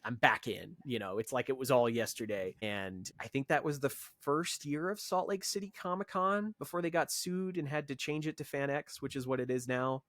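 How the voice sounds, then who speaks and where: A man's voice: mid-range voice, a bit bright, dry recording. A man in his thirties, a podcast guest, chatting in a wry, laid-back way. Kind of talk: casual chat.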